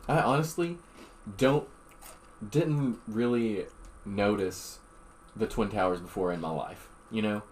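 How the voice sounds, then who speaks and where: A laid-back young man co-hosting a casual podcast, his voice sitting a little low. He talks in a thoughtful, unhurried way, and a faint hiss sits under the recording. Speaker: podcast co-host.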